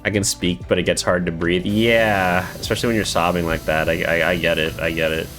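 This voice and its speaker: Low-voiced chatty male streamer. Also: level tone, a little fast, fairly bright tone, soft background music. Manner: rambling and chatty, thanks viewers, swears often, many "like" fillers. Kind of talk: casual live-stream chat.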